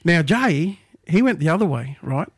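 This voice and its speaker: A middle-aged man with an Australian accent, telling stories in a casual chat, animated and laughing as he acts out what others said. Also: a little high, moderate pace, vocal fry, husky, dry recording, studio quality. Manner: animated yarn-spinning, laughs often, acts out quoted voices.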